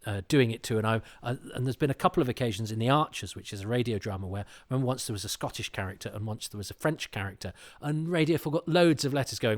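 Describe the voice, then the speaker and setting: A middle-aged man hosting a podcast, talking in a casual monologue with animated, indignant storytelling. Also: on the low side, fast, hardly any pauses. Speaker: podcast host.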